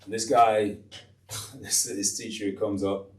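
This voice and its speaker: A man's voice: lowish voice, takes it slowly. A man in his sixties, a retired teacher being interviewed, telling stories bluntly and acting out the people in them. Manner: blunt, animated, acts out quoted people. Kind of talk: casual interview storytelling. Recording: roomy, mic at a distance.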